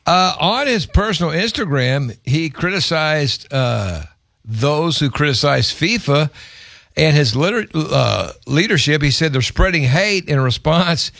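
A male co-host with a gravelly, fairly high voice that swings all over the place as he banters and stumbles through news items. The sound is dry and close, with no room around it. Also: lively intonation, a bit bright, dry recording. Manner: jokey, reads news haltingly with fillers. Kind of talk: casual sports and news chat.

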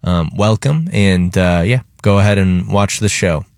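A man with a deep, creaky voice hosts a radio show from a studio, speaking at a measured pace in a dry recording. He's chatty, spinning a rambling, casual story packed with fillers.

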